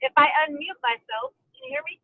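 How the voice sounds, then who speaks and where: A woman's voice: high-pitched, very animated, fairly quick, gravelly. A woman joining a call from her phone, speaking hesitantly. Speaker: participant. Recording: tinny phone audio with faint music.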